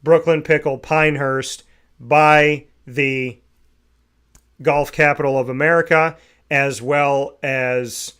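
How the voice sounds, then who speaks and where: A man's voice: fairly high pitch, fairly even intonation, slow pace, a bit bright, clean tone. A man hosting a morning sports talk show, chatting casually and reading promos with enthusiasm.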